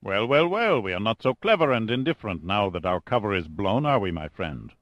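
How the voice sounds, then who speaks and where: A man's voice: fairly low pitch, very animated, a little fast, dry recording, lo-fi sound. A man voicing a menacing, sarcastic male general who interrogates a prisoner, in a sneering, commanding manner.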